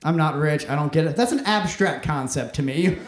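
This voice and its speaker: Young male stand-up comic from Mississippi, fairly high voice, wry deadpan, roomy club sound with faint noise. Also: a little fast. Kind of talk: stand-up comedy set. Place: comedy club stage.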